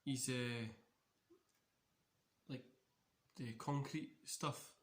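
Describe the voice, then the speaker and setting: A man's voice: medium pitch, fairly even intonation, drawn-out words, fairly bright tone. Rambling man, echoey room. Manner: loose, rambling chat. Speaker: wrestling channel host. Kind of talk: casual watch-along commentary.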